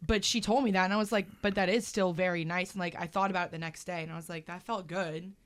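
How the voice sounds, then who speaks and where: A woman's voice: lowish voice, fairly even intonation, fast. Chatty young woman, lots of "like". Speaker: co-host. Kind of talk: casual chat.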